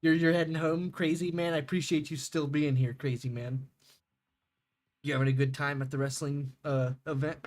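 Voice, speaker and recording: A man's voice: fairly high pitch, fairly even intonation, moderate pace. Young man rambling on a game stream. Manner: rambling, laughing, swears freely. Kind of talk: casual stream chat with viewers.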